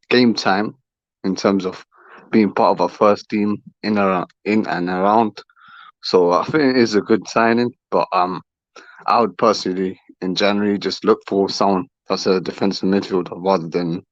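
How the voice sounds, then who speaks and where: A man's voice: low voice, no room sound. A man calling in to a fan show, thinking aloud in a rambling way with many fillers. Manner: thoughtful, rambling with fillers like sort of and like. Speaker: caller. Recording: dull call-in line.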